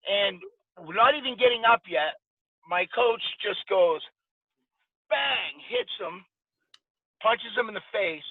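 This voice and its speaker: A man in his forties, a podcast guest, casually telling lively stories and acting out the dialogue. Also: high-pitched, slow pace, pauses often, dry recording. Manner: animated anecdote-telling with quoted dialogue. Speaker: podcast guest, former boxer. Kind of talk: casual storytelling interview. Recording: dry, tinny phone-like sound.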